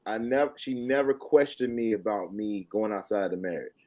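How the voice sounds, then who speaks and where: A man's voice: on the low side, moderate pace. Man. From Greensboro, North Carolina. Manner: lively storyteller, slangy. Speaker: panel guest. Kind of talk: casual podcast banter.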